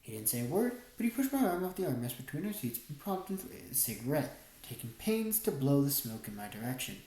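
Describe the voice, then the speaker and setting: A woman reads a first-person memoir as an audiobook, keeping a measured, steady storytelling pace. Her voice sits low and mellow but moves through a lively range of pitch. The recording carries a noticeable room echo. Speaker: audiobook reader.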